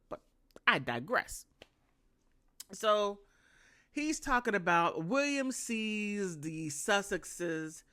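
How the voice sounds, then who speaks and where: A woman's voice: low-pitched, a bit bright. An American woman giving casual, sarcastic commentary, often laughing. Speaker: vlogger.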